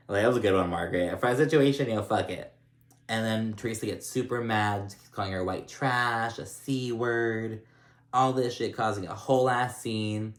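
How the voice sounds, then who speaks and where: A man's voice: lowish voice, reverberant. A man casually recapping a reality show episode, gossipy and profane, acting out the cast's lines. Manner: gossipy, profane and animated, mimics cast members.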